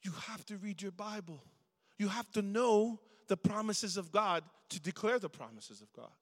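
A guest preacher at a youth service, a middle-aged man with a high voice and lively intonation, talks through his sermon at a normal speed. He keeps it conversational and prompts responses from the young audience, with long reverb from the church hall.

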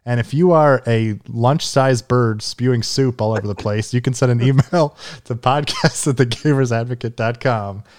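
A man hosting a casual gaming podcast, laughing often and talking with animated energy. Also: mid-range voice, normal speed, few pauses, dry recording. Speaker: podcast host.

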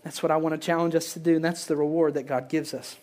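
Pastor, sermon, middle-pitched voice, dramatic quiet drops, repeated emphatic phrases. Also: little pitch movement, quick pace. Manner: dramatic shifts between loud emphasis and hushed delivery.

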